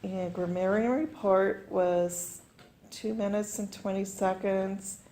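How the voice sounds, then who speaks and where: A woman reads out the timings at a club meeting in an unhurried, mellow voice. She chuckles lightly between items. She speaks from a club meeting room. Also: medium pitch, steady tone, slight background noise. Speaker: meeting timer. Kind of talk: reading a timing report.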